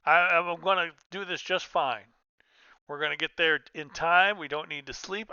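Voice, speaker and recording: Gaming streamer, male, bright clean tone, rambling casual commentary, dry close mic. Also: on the high side, moderate pace, smooth, no echo, dull audio. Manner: rambling, self-interrupting, chatty.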